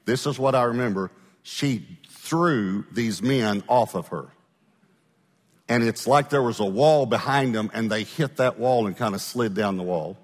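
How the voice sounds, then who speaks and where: A man's voice: medium pitch, big-room sound. A male pastor telling a story in a sermon, talking conversationally and often checking in with his listeners.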